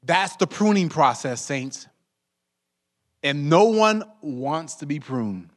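A man's voice: on the high side, expressive, slow. A man preaching a sermon as pastor, calling his congregation saints and drawing them in with call-and-response questions.

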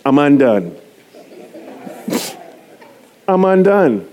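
A man preaching a sermon, animated and chatty, often laughing and poking fun at himself as he talks to the congregation. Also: a little high, extremely slow. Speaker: pastor.

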